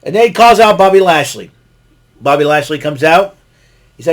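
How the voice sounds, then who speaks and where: Man host, fairly high voice, loose rambling recap full of fillers and chuckles. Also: animated, normal speed. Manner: rambling, many fillers and restarts, chuckles often. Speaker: podcast host recapping wrestling. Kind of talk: casual recap monologue.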